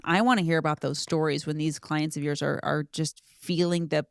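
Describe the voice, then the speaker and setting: A woman's voice: sits low, fairly even intonation, a little fast, creaky, few pauses, no room sound, studio quality. A woman hosting a podcast interview, effusive and reflective, thinking aloud as she talks. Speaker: podcast host. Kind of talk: conversational interview.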